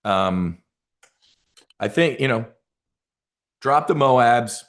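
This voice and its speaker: A man hosting a trading show rambles casually through market commentary, repeating words often and making asides to his viewers. His medium-pitched voice is expressive, and he speaks very slowly.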